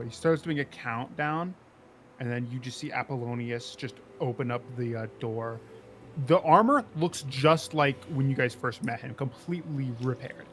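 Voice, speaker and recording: A man running a tabletop game as game master, his voice sitting at an ordinary pitch. He narrates loosely, with plenty of ums and likes. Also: normal speed, a bit bright, soft background music. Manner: loose, filler-heavy narration.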